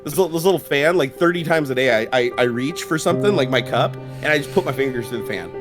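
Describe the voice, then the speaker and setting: A man's voice: medium pitch, quick pace, music in the background. A middle-aged man on a casual livestream, telling stories in a loose, profane way and laughing often. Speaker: streamer co-host.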